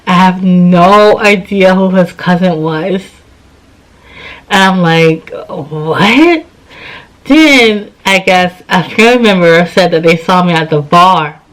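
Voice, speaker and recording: Her fairly low voice moving a little slowly over poor audio, a woman in her thirties does a casual storytime for her vlog. She's tired and yawning, yet chatty, replaying past scenes by voicing both people in the dialogue.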